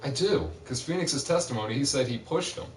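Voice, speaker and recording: A man's voice: medium pitch, lively intonation, a little fast, noisy background. A man hosting a gaming video, talking through the game casually and hesitantly, with many fillers. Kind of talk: casual gameplay commentary. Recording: roomy, distant mic, loud music behind.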